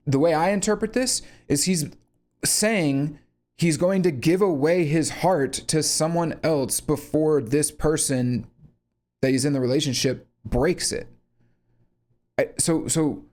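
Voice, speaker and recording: A man's voice: on the high side, a little mellow. Blunt, sarcastic male song reviewer. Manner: blunt, sarcastic, swears freely. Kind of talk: casual song critique.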